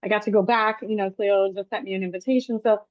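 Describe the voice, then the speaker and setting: A woman hosting a podcast, chatting casually and telling lively stories with animated quoted asides. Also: mid-range voice, fast, no room sound. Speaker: podcast host. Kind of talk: casual interview chat. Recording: dull, dry lo-fi podcast audio.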